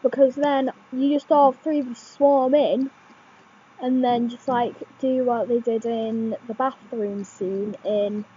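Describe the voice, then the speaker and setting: A woman's voice: a little high, steady tone, slow pace, mellow, dull audio, slight background noise. A young woman, chatting casually as she reads quiz questions aloud and thinks them through, with many fillers and restarts. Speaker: vlogger.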